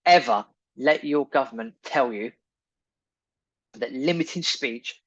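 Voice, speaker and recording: Guy ranting on his podcast, mid-pitched, keeps repeating himself, dry and a bit muffled. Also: slow, slightly rough, dry recording. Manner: indignant, emphatic and repetitive. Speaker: podcast host. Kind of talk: opinion monologue.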